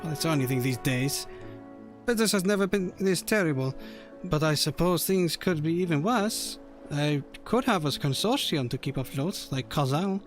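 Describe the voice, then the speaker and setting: A man's voice: fairly high pitch, expressive, moderate pace, soft background music, close to an everyday voice. A man voicing a weary, downcast harbor merchant in a video game, reading the lines in a gloomy, sighing way. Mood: resigned.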